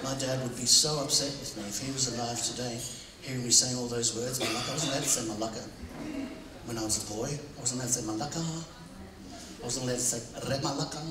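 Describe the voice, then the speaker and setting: A middle-aged man from Australia doing a stand-up comedy routine, telling jokey stories and shouting his punchlines. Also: medium pitch, fairly even intonation, fast, pauses often. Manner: loud, jokey storytelling with sudden shouted punchlines. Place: large venue with a live audience. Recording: echoey live room, mic far off, loud crowd noise.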